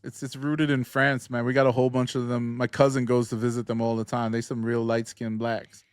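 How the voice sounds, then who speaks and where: A man co-hosting a podcast, chatting in a laid-back way, laughing often and trailing off quietly. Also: mid-range voice, little pitch movement, a little fast, clean tone, no room sound, studio quality. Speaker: podcast co-host. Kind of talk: casual chat.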